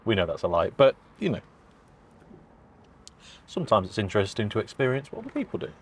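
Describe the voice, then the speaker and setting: A man's voice: fairly low pitch, wildly swooping pitch, a little fast, breathy edge. Guy vlogging from his van, jokey and chatty, bit self-mocking, talking straight to the camera. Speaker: food and travel vlogger. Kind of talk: casual chat to camera. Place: inside his parked van.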